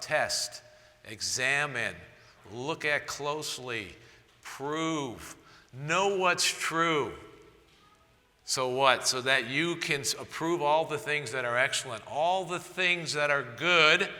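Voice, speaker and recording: A man's voice: mid-range voice, unhurried, pushed and bright, big-room sound. A man giving a church teaching talk in a conversational style, often tossing rhetorical questions to his audience. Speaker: speaker at a church seminar.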